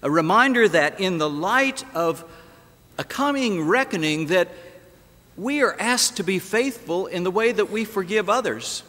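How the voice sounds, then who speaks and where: A man's voice: high-pitched, animated, measured pace, pushed and bright. A man preaching a sermon as pastor in a church, telling the story dramatically and asking rhetorical questions. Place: church sanctuary. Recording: echoey church hall.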